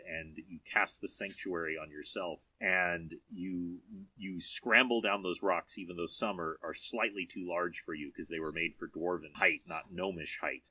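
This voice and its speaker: A man's voice: low voice, bright, forceful tone, breathy edge, no room sound, recorded from a distance. A man narrating a tabletop game as game master, telling the scene in vivid descriptive detail.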